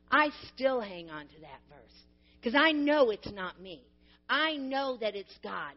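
A woman's voice: high-pitched, muffled recording. A middle-aged woman preaching a sermon, earnest and personal, with laughing asides and fervent emphasis.

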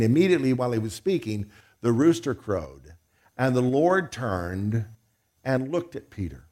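A man's voice: mid-range voice, animated, normal speed, a little mellow. A man preaching a sermon in a conversational way, acting out quoted voices as he goes.

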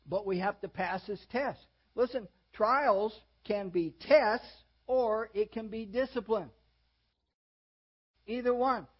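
An older male preacher with a high, husky voice delivers a folksy, self-deprecating sermon. He builds to sudden emphatic peaks, and the recording sounds dull and lo-fi. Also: slow. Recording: dull lo-fi audio.

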